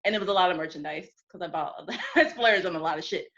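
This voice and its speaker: A woman from the United States, voice on the low side, talks fast over lo-fi sound as a guest in a casual interview. She tells stories animatedly, laughing, swearing, and acting out what people said.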